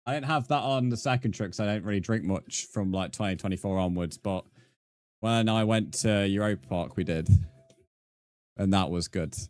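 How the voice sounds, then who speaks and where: A man's voice: lowish voice, moderate pace, a little mellow. A young man streaming a game, casually reading out and answering his chat with frequent laughs. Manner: chatty, reads and answers chat messages, laughs often.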